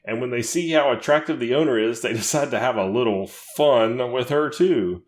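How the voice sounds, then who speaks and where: A man's voice: mid-range voice, normal speed. A man co-hosting a horror podcast in casual chat, laughing often and reading release listings aloud. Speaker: podcast co-host.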